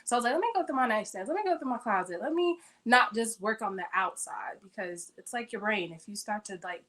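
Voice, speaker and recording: A woman's voice: a little high, expressive, fast talker, a bit bright. Chatty woman giving decor tips. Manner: chatty, upbeat, addresses audience directly. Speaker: interior decorator speaker. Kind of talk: casual how-to talk. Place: her bedroom.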